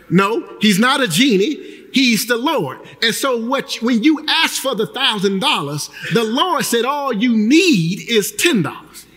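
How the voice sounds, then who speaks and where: A male pastor preaching a sermon, breaking into shouted emphasis and acting out the people he quotes. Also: very high voice, big pitch swings, takes it slowly, long reverb tail.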